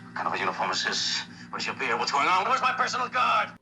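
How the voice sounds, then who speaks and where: A furious starship captain out of a 1960s TV drama, his pitch leaping wildly from line to line. His voice rings bright and piercing as he barks threats and demands. A faint hiss runs under the clip. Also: huge pitch swings, quick pace, full character voice. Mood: bewildered. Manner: shouting threats, frantic questions. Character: enraged tyrannical male starship captain.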